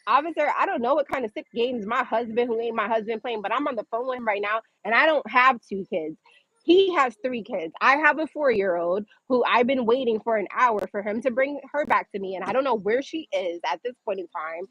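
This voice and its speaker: Young woman, livestream host, higher voice, emotional profane storytelling, dull dry lo-fi sound. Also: lively intonation, no echo. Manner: emotional, profane, fast-running retelling. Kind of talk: casual storytelling to viewers.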